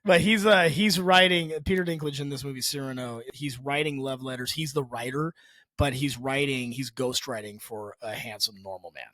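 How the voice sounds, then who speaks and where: A man's voice: mid-range voice, moderate pace, fairly bright tone, no room sound. A man co-hosting a casual movie podcast, rambling with frequent restarts and chuckles mid-sentence. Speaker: podcast co-host.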